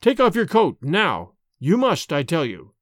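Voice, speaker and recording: A man's voice: sits high, animated, normal speed, dry recording, clean studio sound. A man voicing a grim, fearful grown son who speaks solemnly and urgently in a storybook reading.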